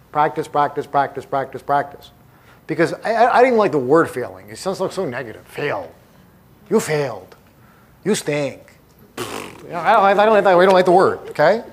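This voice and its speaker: A middle-aged man speaks to a live crowd in a voice pitched a little above the usual male range. He talks emphatically and drives each point home by repeating it. He sounds like a motivational speaker rallying a room. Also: slightly rough. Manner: emphatic, repetitive, punchy. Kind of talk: live motivational talk to an audience.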